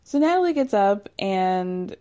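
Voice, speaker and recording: A woman's voice: medium pitch, sing-song, unhurried, dark tone, clear, resonant tone. Chatty sarcastic woman in her thirties. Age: 30s. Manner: chatty and sarcastic, acts out quotes, laughs often. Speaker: podcast host recapping a reality show. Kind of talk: casual chat.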